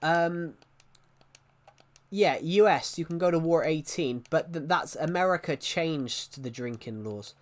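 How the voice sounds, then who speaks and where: An unhurried young man with a voice on the high side streams games live. Casual and rambling, he shares his opinions freely and answers comments from chat.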